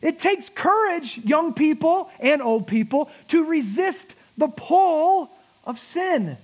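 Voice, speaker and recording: A pastor preaching a sermon, emphatic, with laughing asides and slowed-down key words. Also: male voice, very high voice, expressive, poor audio.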